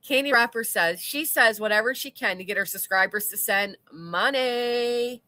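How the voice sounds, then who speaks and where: A woman's voice: on the high side, normal speed, bright, forceful tone, no room sound. A woman hosting a livestream, reading chat comments aloud with blunt, sarcastic commentary and casual swearing. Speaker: commentary channel host.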